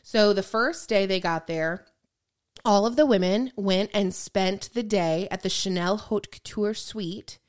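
Young woman, podcast co-host, chatty storyteller, smooth clear voice, casual gossip. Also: mid-range voice, measured pace.

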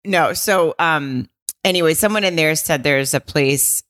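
A woman's voice: low-pitched, a little slow, a bit bright, no echo, studio quality. A woman co-hosting a podcast in casual chat, chatty and laughing often, swearing casually. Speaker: podcast co-host.

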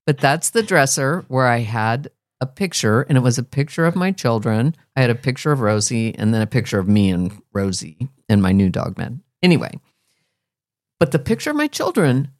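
A woman's voice: very deep voice, very animated, moderate pace, a little mellow, no room sound. Middle-aged woman telling a ghost story, dry sound. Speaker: podcast host. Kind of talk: casual chat.

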